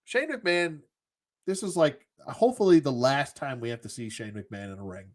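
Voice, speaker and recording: A man's voice: medium pitch, very animated, brisk, darkish tone. A man ranting casually as a show host, sarcastic and exasperated, swearing as he goes.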